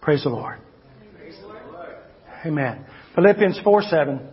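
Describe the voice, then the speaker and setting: A male pastor preaching a sermon, swinging between loud emphatic shouts and low quiet asides. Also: animated, a little slow. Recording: long hall reverb, dull lo-fi sound.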